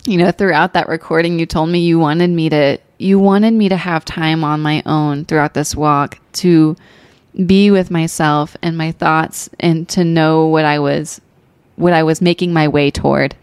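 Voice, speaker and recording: A woman telling a personal story in casual chat, animated and emotional, laughing often. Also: low-pitched, normal speed, smooth, dry recording. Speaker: podcast co-host.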